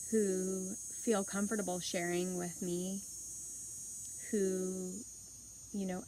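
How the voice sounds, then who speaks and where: Low-voiced woman in her thirties, earnest. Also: slight background noise, low-quality recording. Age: 30s. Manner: open, earnest and unhurried, with soft pauses. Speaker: host. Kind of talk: reflective personal storytelling.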